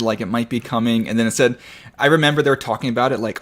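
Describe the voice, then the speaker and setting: A man's voice: mid-range voice, racing. A man co-hosting a casual tech chat show from a coffee shop, laid-back with dry humor. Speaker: co-host.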